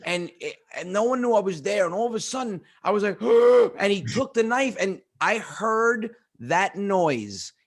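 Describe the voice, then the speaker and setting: A man telling animated family stories as a podcast guest. His voice is high and bright, and he jumps into different voices for the people he describes. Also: normal speed, few pauses. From New York. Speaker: guest comedian. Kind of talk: storytelling in casual chat.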